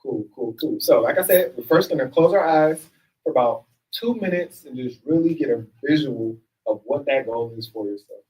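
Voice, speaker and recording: A man with a medium-pitched, somewhat mellow voice runs a group workshop as a facilitator and self-help coach, speaking at a normal pace with lively intonation. He keeps things casual and upbeat, often checking in with the room by asking "all right?" The recording is low quality, and he sounds far from the mic.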